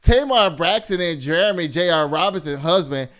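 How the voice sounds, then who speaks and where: This is a man hosting a gossip news show, sassy and lively, with frequent laughter. His voice is clear and smooth and sits slightly high for a man. He talks to his listeners as y'all. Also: normal speed. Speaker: host. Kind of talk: casual gossip news commentary.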